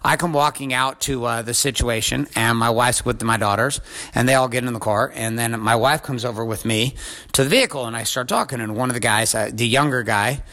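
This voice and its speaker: Guy podcast host telling a story, bright forceful voice, swears a lot. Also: mid-range voice. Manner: profane, animated retelling with acted quotes. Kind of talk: storytelling monologue.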